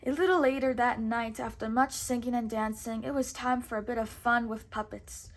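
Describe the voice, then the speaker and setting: A woman reading a storybook aloud with expressive, measured narration. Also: a little high, slight background noise.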